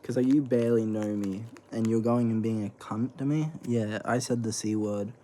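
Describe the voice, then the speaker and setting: A man's voice: on the low side, steady tone, normal speed, mellow, a little hiss or hum. A young man, chatting casually in a rambling, slangy vlog while snacking, swearing freely. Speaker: vlogger. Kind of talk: casual eating vlog chat.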